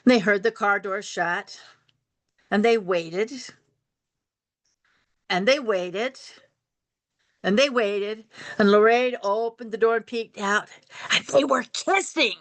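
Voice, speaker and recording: An older woman telling a personal family story aloud, unhurried, repeating phrases for rhythm. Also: medium pitch.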